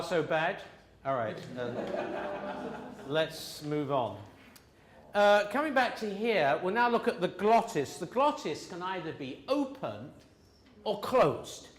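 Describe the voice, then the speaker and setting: Guy lecturing a class on pronunciation, voice goes up and down a lot, kinda high, echoey room. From England. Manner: jokey, demonstrates sounds aloud. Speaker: language teacher.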